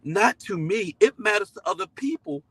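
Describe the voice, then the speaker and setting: A middle-aged male pastor preaching to his online congregation in a relaxed but emphatic style. His voice sits a little high for a man. He drives points home by repeating them. The sound is close and dry. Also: moderate pace, vocal fry, husky, dry recording, poor audio. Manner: conversational and emphatic, repeating key phrases; slips into voices when quoting people. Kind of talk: sermon-style teaching to a live online audience.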